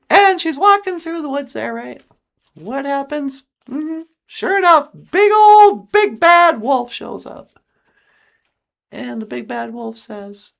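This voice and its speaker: A woman's voice: sits high, sing-song, takes it slowly, gravelly. A woman podcast host telling a story in a chatty, casual way, laughing often and filling in with asides.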